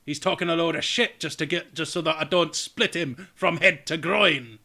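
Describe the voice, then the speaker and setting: A blunt, suspicious dwarf, as a man plays him, talking in a bright, fairly high voice. He swears casually and distrusts everyone. A character in a tabletop game. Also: normal speed, creaky, full character voice. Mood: grumbling.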